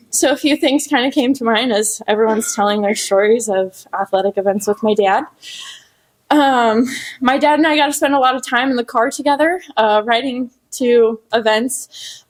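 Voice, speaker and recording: A young woman speaking at a ceremony in a hotel ballroom, paying tribute to her late father, emotional and laughing through tears between many fillers. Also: a little high. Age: young adult. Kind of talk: personal tribute speech.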